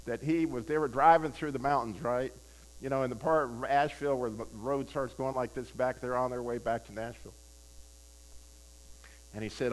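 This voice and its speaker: An older male preacher with a fairly high-pitched voice delivers a sermon in a conversational tone. He hammers home his key phrases by repeating them and keeps asking the crowd questions. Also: brisk, low-quality recording. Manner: conversational, asks the audience questions. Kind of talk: sermon with personal storytelling.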